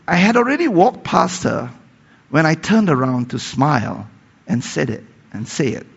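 A man preaching a sermon, retelling a story with emphatic rises and soft, hushed passages. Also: a little high, sing-song, moderate pace, vocal fry, slightly rough. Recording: long reverb, dull lo-fi sound.

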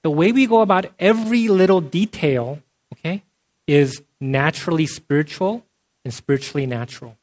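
A man's voice: on the high side, moderate pace, a little mellow. A man preaching a sermon in a conversational way, often checking in with his listeners by asking "okay?". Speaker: pastor. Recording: dull lo-fi sound.

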